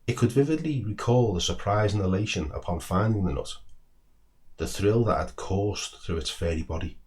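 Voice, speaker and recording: Deep-voiced man reading a children's story. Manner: expressive, storytelling delivery. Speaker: children's book author and narrator. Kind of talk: storybook read-aloud narration.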